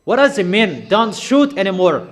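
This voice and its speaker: High-voiced man preaching with repetitive emphasis. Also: sing-song, normal speed. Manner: repetitive, emphatic declarations in plain broken English. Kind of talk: sermon.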